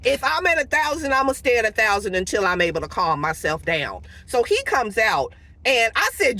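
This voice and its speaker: Woman vlogging in her car, high bright voice bouncing all over, acting out the whole story. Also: brisk, no room sound, low-quality recording. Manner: animated storytelling, acts out quotes. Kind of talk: casual storytime vlog.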